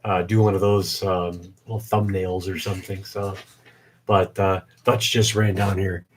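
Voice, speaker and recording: A man in his forties runs a laid-back live stream from a basement shop at home, with slight background noise. He speaks low and flat at a measured pace, his voice weak and breathless, and meanders with many fillers.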